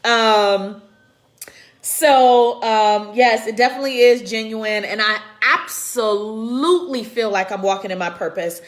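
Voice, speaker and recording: A woman's voice: a little high, a little slow. Earnest preacherly woman on a live stream. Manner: earnest, preacherly, greets viewers by name. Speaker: women's conference host and speaker. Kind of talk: live-streamed faith talk to viewers. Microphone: computer camera mic.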